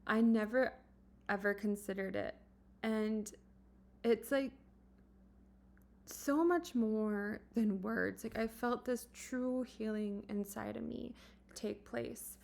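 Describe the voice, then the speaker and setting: A woman vlogger sharing a personal story in an earnest, emotional way, speaking softly and haltingly with many fillers. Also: on the high side, creaky. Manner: soft-spoken, halting, full of fillers and restarts; earnest and emotional, at times dropping to a whisper.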